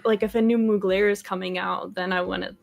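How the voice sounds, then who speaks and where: A woman's voice: mid-range voice, fairly even intonation, fairly quick, creaky, over a noisy crowd. Chatty, easygoing woman on a live call. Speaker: guest. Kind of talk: casual live chat.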